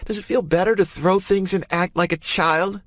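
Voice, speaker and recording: A man voicing a fierce, stubborn young woman who talks in a loud, cutting, high-pitched way in an audiobook. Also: moderate pace, dry recording. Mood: mocking.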